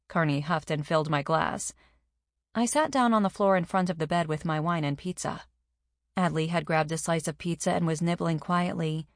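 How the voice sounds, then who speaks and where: A woman with a low voice reads a first-person audiobook in a measured, even way. The recording is close and dry, with no room sound. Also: dry recording.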